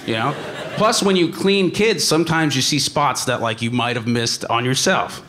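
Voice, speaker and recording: A young man doing stand-up on a theater stage with a deadpan delivery, full of hesitant fillers. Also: moderate pace, heavy background noise. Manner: deadpan delivery with many uh fillers and a lively pitch. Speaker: stand-up comedian. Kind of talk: stand-up comedy set.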